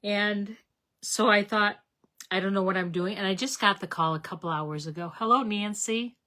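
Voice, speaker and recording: With a mid-range voice and a sharp tone, a middle-aged woman runs a casual live craft stream about making cards at normal speed. She rambles a bit and greets her viewers by name.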